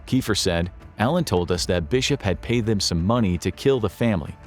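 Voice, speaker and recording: A man reading scripted documentary narration in a measured, even storytelling manner. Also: on the low side, faint music behind.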